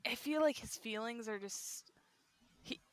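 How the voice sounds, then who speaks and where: A woman's voice: a little high, a little slow, no room sound. A young woman co-hosting a casual podcast chat, enthusiastic and earnest, laughing easily. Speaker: podcast co-host.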